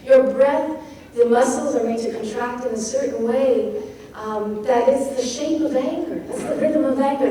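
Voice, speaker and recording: Woman poet, fairly high mellow voice, lecturing from far off in a roomy hall, faint hiss. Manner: thoughtful, demonstrative, reads verse slowly and expressively. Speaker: poet giving a craft talk. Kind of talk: lecture on poetic rhythm. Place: lecture hall at a poetry festival.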